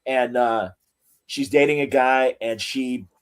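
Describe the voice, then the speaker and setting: A man's voice: mid-range voice, fairly even intonation, clean tone. Sick guy w the flu, stuffy, rambling podcast chat, lots of uhs. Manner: rambling, halting storyteller with many "uh"s. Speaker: podcast co-host. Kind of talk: casual chat.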